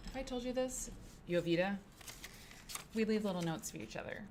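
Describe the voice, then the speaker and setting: A woman's voice: mid-range voice, normal speed, background noise. A woman hosting a casual co-working live stream from her office, rambling and chatting with viewers by name. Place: her office, late at work.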